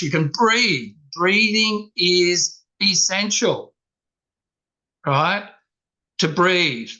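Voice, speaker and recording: A man's voice: a little high, sharp tone, lo-fi sound. A man giving an earnest coaching talk to a men's group, repeating his key points. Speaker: speaker at a men's workshop. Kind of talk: talk with slides, then group discussion.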